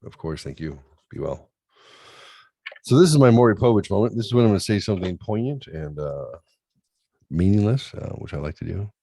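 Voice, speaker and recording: A man's voice: on the low side, lively intonation, fairly quick, mellow, husky, no echo, studio quality. A man hosting a talk show, chatting crudely and rambling, often acting out other people's voices in his stories. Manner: profane, rambling, acts out voices in anecdotes. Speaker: podcast host. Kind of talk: crude comedic chat.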